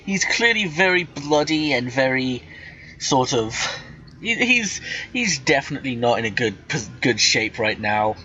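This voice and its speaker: A man running a tabletop game as game master over a voice call, talking in halting bursts full of restarts. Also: mid-range voice, sing-song, bright, forceful tone. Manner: halting, with many restarts and stammers. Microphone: computer microphone on a voice call. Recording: dull voice-chat audio with faint noise.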